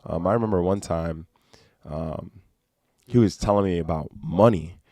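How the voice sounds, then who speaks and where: A man co-hosting a podcast in casual chat, relaxed and affirming as he tells a story. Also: low voice, normal speed, dry recording, clean studio sound. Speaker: podcast co-host.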